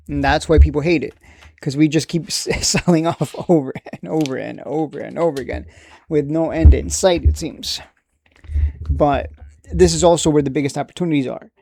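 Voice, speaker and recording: A man's voice: a little high, moderate pace, vocal fry, a little mellow. A man teaching a casual lesson on reading stock charts, talking conversationally and often asking "right?". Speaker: trading educator.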